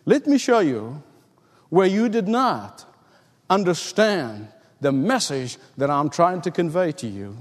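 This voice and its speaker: A man's voice: on the high side, big pitch swings, slow, full character voice. A man voicing a stern, commanding professor of medicine lecturing his students, with long hall reverb. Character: stern prominent older male medical professor.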